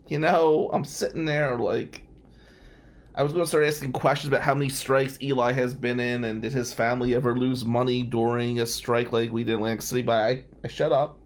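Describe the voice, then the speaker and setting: A man's voice: medium pitch, fairly quick. A man from New Jersey, a defense lawyer hosting a podcast, telling a profane, wry story casually. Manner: wry, profane, animated anecdotes.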